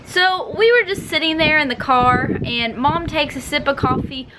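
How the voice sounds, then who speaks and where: A woman's voice: high-pitched, moderate pace, heavy background noise. A young woman, chatting bubbly and directly to her viewers in a casual vlog. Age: young adult. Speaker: vlogger.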